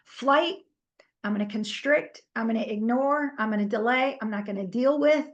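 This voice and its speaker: A woman's voice: on the high side, moderate pace, lo-fi sound. A middle-aged woman teaching a workshop in a casual, conversational way, telling stories and asking her group for comments. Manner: animated storytelling, conversational with fillers. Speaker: workshop trainer.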